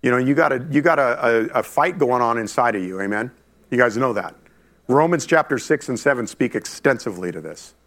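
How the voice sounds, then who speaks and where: A middle-aged male pastor preaching a lively sermon to his congregation, talking straight to the room with quick asides. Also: mid-range voice. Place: church before a congregation.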